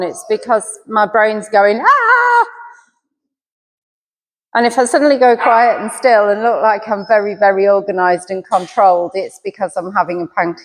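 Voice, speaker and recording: A middle-aged woman, a dog trainer giving a chatty, self-deprecating puppy class. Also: medium pitch. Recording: reverberant hall.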